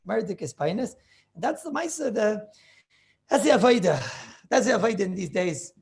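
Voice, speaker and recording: A man's voice: high-pitched, lively intonation, moderate pace, vocal fry. A man in his forties, a rabbi teaching an informal class over a video call, stressing points by repeating them and asking rhetorical questions. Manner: emphatic, repetitive preaching with rhetorical questions.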